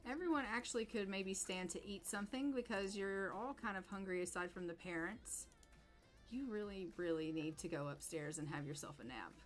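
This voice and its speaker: A woman's voice: mid-range voice, moderate pace, soft background music. A woman doing casual live commentary while playing a life-sim game, chatting to her characters and viewers. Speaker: streamer.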